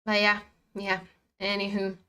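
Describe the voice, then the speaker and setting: Delivery here is completely flat and measured, the mid-range voice pushed, bright and smooth. The woman is hosting a trading livestream, chatting with viewers and cursing candidly about feeling tired.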